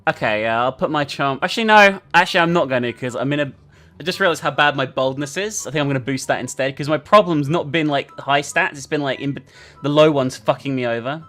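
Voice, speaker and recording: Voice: mid-range voice, quick pace, fairly bright tone. A player chatting casually while gaming, swearing freely and reading the game's narration aloud with dry timing. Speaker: video game player.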